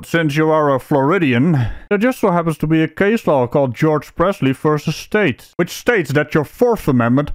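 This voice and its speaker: A man's voice: mid-range voice, dry recording, clean studio sound. A man with a Dutch accent giving sarcastic, mocking commentary over a video.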